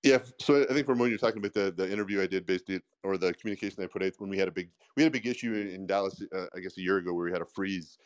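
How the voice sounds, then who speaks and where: A man's voice: sits low, rapid-fire, few pauses, smooth. A man speaking as a business-owner guest in a casual panel, rambling and conversational with frequent "right?" tags.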